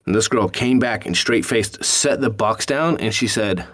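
A man co-hosting a podcast, telling crude fast food stories in casual chat. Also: on the low side, a bit bright. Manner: profane, storytelling, laughs often. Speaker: podcast co-host.

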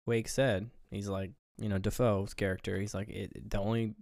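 A man's voice: on the low side, flat delivery, moderate pace, vocal fry, a little mellow, no room sound, studio quality. A man co-hosting a casual film review chat, rambling through scenes and acting out quoted lines. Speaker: podcast co-host.

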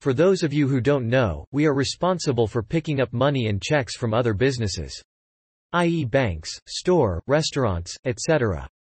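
Husky man reading a story. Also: medium pitch, animated, moderate pace, no echo. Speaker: narrator. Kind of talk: scripted story narration.

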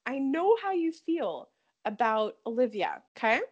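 A woman co-hosting a podcast in casual chat, animated and giggly, with frequent laughs and fillers. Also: fairly high pitch, unhurried, slightly rough, lo-fi sound. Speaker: podcast co-host. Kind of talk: casual chat recapping a soap opera.

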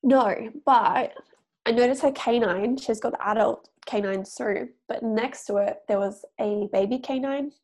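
A woman's voice: on the high side, unhurried, a little mellow. A woman from Australia with an Australian accent, chatting as an interview guest in a rambling, filler-heavy way. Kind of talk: casual interview chat.

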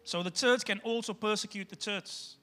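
A man's voice: high-pitched, moderate pace, fairly bright tone. A man preaching a sermon as pastor, emphatic and speaking straight to his congregation.

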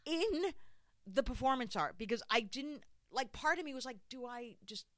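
Woman, storyteller in casual chat; animated, voices the people in her story, swears, sometimes mutters low. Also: moderate pace, no echo, clean studio sound. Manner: animated storytelling, acting out quotes, swearing freely.

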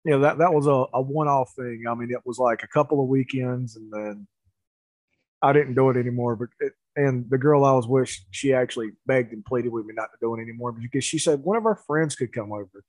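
A man telling a story in casual chat, animated, with laughs and restarts. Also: mid-range voice, brisk, no echo, low-quality recording.

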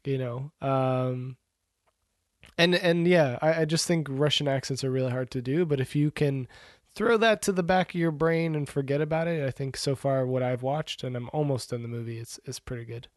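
A man co-hosting a casual podcast, rambling in a relaxed way with many fillers. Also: medium pitch, normal speed, dry recording, clean studio sound. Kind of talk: casual chat about movies and shows.

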